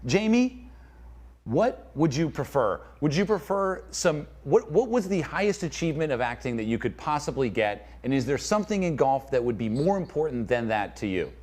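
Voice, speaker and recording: A man hosting a live stream interview, asking questions in a fast, jokey, upbeat way. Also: mid-range voice, sing-song, a little mellow. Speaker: host.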